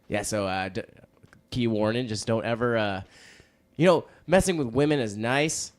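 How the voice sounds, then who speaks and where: A man's voice: medium pitch, normal speed. A young man and band frontman telling rambling, self-mocking stories in casual chat, laughing often. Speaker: podcast guest, band frontman.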